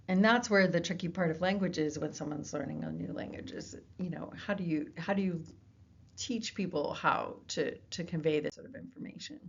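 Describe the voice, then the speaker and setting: Lady lecturer walking through course stuff, lots of ums, gravelly voice, kinda muffled recording. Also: lowish voice. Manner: explanatory, with fillers and self-corrections. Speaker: psychology lecturer.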